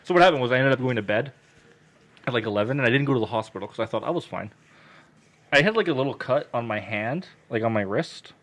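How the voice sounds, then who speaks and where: A young man co-hosting a podcast, telling a story in casual chat, swearing a lot and loudly acting out the people he quotes. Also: medium pitch, quick pace.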